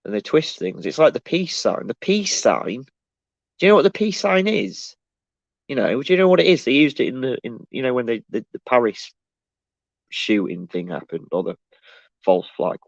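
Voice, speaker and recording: A man's voice: mid-range voice, sing-song, normal speed, gravelly, dry recording. A man talking casually on a live stream, rambling and restarting his sentences as he answers the chat. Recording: dull, dry lo-fi sound.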